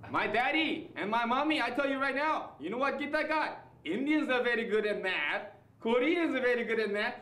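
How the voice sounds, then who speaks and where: A male comic playing a loud, crude liquor store owner in a stand-up bit, with exaggerated shopkeeper patter. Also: extremely high pitch, expressive, extremely slow, pauses often, heavily acted. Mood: brash. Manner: exaggerated put-on foreign-sounding shopkeeper patter, crude punchlines. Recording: echoey club from far off with noise.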